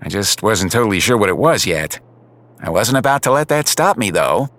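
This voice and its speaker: A man's voice: fairly low pitch, animated, normal speed, a bit bright. A man narrating a first-person detective audiobook in a wry, hard-boiled tone. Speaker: audiobook narrator and lead character.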